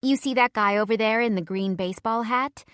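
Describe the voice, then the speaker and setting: A woman reading an audiobook, voicing a friendly, bubbly young woman at a biker party in a raised, brighter voice. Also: fairly high pitch, fairly quick, clear, resonant tone, no room sound, clean studio sound, voice pushed up, lightly acted. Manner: eager, chatty.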